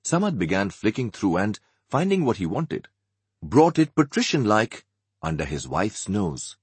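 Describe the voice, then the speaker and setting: Slow, husky male audiobook narrator. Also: fairly low pitch, big pitch swings, no room sound.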